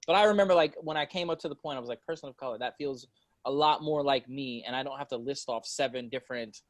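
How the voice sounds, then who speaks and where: A man's voice: medium pitch, quick pace, no echo. A man on a podcast panel, talking casually in loose slang and laughing often.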